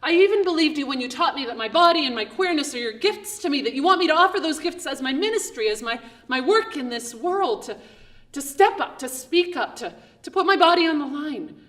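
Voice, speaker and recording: A woman's voice: high voice, lively intonation, fairly quick, fairly bright tone, distant mic. Intense woman performing an angry monologue. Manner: raw, angry, confessional address to God. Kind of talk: theatrical monologue. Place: live stage performance.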